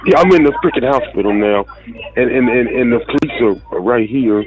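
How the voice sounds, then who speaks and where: A man's voice: mid-range voice, expressive, fairly quick, music in the background. A man on a phone call, telling a story in a stammering, hesitant way. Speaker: prank call accomplice, the father.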